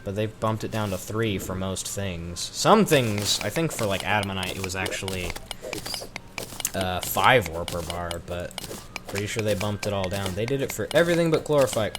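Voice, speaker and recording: A low-voiced man from the American South talks through his gameplay in a loose, rambling way and keeps poking fun at himself. His pitch swings widely from line to line. The home desk-mic recording has a steady layer of hiss under it. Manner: rambling, chatty, self-mocking asides. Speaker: gaming commentator. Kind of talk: casual let's-play commentary. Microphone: desk microphone.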